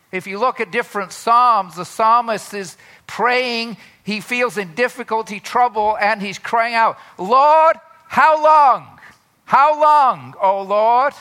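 A man preaches a sermon in a high, bright voice. His delivery is slow and deliberate, and he repeats phrases for emphasis. Now and then he rises into loud, dramatic cries as he voices a prayer. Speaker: pastor.

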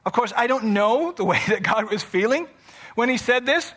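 A male pastor preaching a sermon in an animated, conversational storytelling manner with playful asides. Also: very high-pitched, normal speed.

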